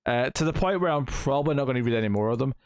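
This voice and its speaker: A man's voice: medium pitch, lively intonation, racing, clean tone, no room sound, clean studio sound. A man co-hosting a podcast, casually retelling a comic's plot with lots of fillers. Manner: chatty, retells plot with acted quotes, many fillers. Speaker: podcast co-host reviewing comics. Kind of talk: casual review chat.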